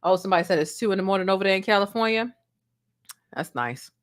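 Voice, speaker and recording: A woman's voice: medium pitch, expressive, fast. A woman from Baltimore hosting a casual live-stream commentary, sassy and goofy, sleepy from being up before dawn.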